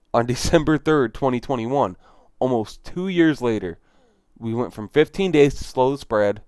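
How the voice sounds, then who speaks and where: A man's voice: mid-range voice, clean tone, no room sound, clean studio sound. A man giving casual, exasperated commentary on news clips, repeating his points for emphasis. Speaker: video commentator.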